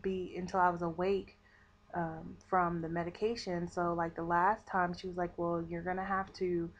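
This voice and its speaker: A woman's voice: lowish voice, flat delivery, moderate pace. A woman vlogger telling a personal story to camera in a chatty way, with many fillers. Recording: dull lo-fi webcam audio.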